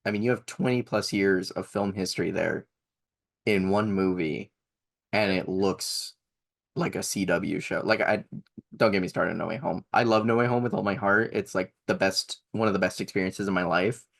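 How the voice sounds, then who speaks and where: A man's voice: low-pitched, fairly even intonation, normal speed, vocal fry. A young man co-hosting a podcast in casual chat, enthusiastic and rambling, laughing often. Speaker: podcast co-host.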